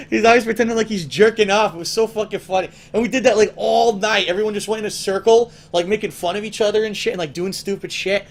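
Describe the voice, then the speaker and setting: A man's voice: sits high, lively intonation, fast, hardly any pauses. Profane rambling man telling stories. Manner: rambling, profane, acts out friends' voices. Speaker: gaming show host. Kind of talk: casual storytelling to viewers.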